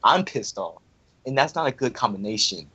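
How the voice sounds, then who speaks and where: A man's voice: medium pitch, expressive, moderate pace, sharp tone, slightly rough. A young man ranting angrily in casual talk, repeating himself as he vents about an online wrestling event. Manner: angry, repetitive, ranting. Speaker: online wrestling league member. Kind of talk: heated casual rant. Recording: dull lo-fi audio.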